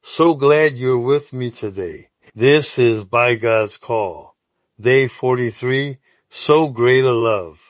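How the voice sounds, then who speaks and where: Man, devotional host, unhurried, earnest, dry close recording. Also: mid-range voice, dry recording, dull audio. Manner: earnest, addresses the listener directly. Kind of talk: scripted daily devotional.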